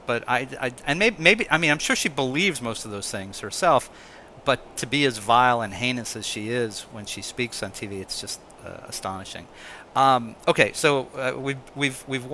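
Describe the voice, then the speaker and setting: A man hosting an interview, asking long questions with halting restarts. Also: mid-range voice, pushed and bright, slight background noise. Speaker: interview host.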